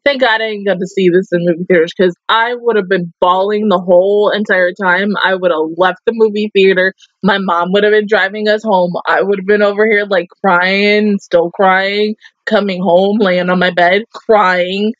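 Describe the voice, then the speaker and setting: A woman's voice: medium pitch, dry recording, muffled recording. A young woman reviewing an anime in an emotional, casual reaction, swearing often and breaking into laughs while holding back tears. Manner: emotional, swears a lot, laughs between words. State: tearful at times.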